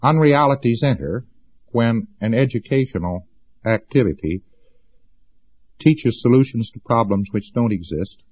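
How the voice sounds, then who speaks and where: A man's voice: medium pitch, expressive, measured pace, breathy edge, muffled recording. A man giving an informal lecture to students, folksy and sarcastic, hammering points home by repeating them. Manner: folksy and sarcastic, with emphatic repetition.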